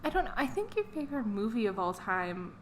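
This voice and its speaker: A woman's voice: on the high side, sing-song, brisk, slight background noise. A young woman co-hosting a podcast in casual chat, teasing her friend and laughing easily. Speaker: podcast co-host.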